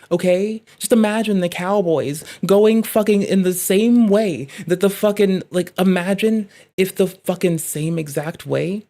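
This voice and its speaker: Close on a desk mic at his home setup, a streamer rambles through casual live reaction commentary, hopping between tangents and swearing freely as he thinks out loud in riffs. His voice is mid-pitched and his pace moderate.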